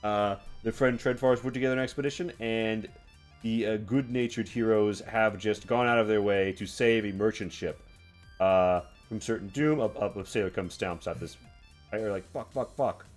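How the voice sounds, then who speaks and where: Low-voiced game master, halting narration. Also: male voice, steady tone, soft background music. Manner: halting storyteller, many fillers.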